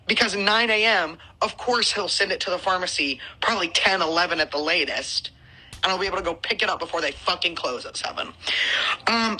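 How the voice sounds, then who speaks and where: A woman with a very bright, piercing tone, telling a story as a heated rant. She swears constantly and lets her fury build. Her voice sits a little low for a woman. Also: low-quality recording. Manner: furious, heavy swearing, storytelling. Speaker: podcast co-host. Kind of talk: profane venting rant.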